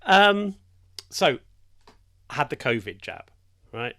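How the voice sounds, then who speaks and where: A man's voice: a little high, sing-song, takes it slowly, bright, forceful tone. An older man, a hospital radio presenter telling a story in casual chat and laughing often. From England. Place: radio studio.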